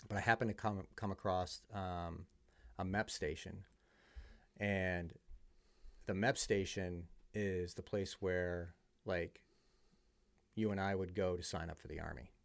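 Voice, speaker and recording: Middle-aged man, from the US, gravelly fry, low voice, candid conversational storyteller. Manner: candid, conversational, drops to a hush at emotional moments. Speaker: podcast guest. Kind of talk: casual storytelling.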